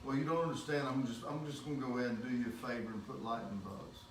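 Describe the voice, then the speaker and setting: A man's voice: medium pitch, fast talker, lightly acted. A man voicing a stubborn, gum-chewing Southern florist woman with a Southern Mississippi accent, folksy and insistent. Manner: folksy, insistent, calls people hon. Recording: echoey room, mic far off, noisy background.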